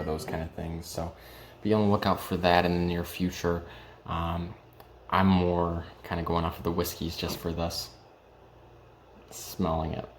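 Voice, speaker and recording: A man's voice: sits low, very noisy. A young man in his early twenties chatting casually in a home vlog, hesitant and full of ums and restarts. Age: young adult. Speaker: vlogger reviewing whiskey.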